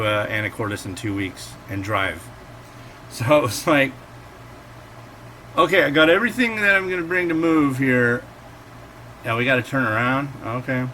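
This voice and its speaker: A man's voice: mid-range voice, sharp tone, a little hiss or hum. A man in his forties hosting a casual cooking and noodle review vlog, rambling from topic to topic. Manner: rambling and digressive, acts out quotes. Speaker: instant noodle reviewer and host.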